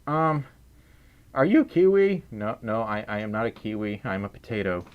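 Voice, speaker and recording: A man's voice: on the low side, normal speed, clear, resonant tone, dull audio. A man with a Southern US accent, hosting a casual livestream, silly and giggly, reading out donations and chat. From Mississippi, US South. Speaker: livestream host. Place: indoors at home, wearing a fursuit head.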